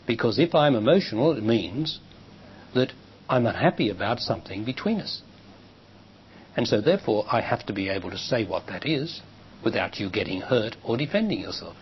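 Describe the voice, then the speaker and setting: A man giving a public spiritual talk and answering audience questions, measured and emphatic, in a dull lo-fi recording with faint hiss. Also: fairly low pitch, very animated. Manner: measured, emphatic, rises sharply when quoting others. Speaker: spiritual teacher. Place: lecture hall with audience.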